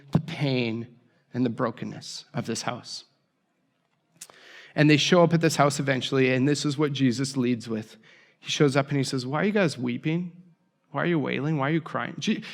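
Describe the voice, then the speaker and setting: A man preaching a sermon as a pastor, telling a story with lively, acted-out voices for the people in it. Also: on the high side, long reverb tail.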